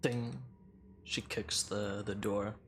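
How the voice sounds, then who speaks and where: A man narrating a tabletop game as game master, in a relaxed, plain manner. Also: on the low side, takes it slowly, slight background noise.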